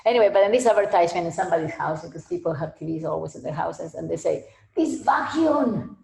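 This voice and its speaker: A woman's voice: lowish voice, steady tone, very fast, vocal fry, warm tone, a little hiss or hum. A woman giving a casual spiritual talk and answering questions, rambling and repeating herself, often laughing. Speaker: spiritual teacher. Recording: echoey room.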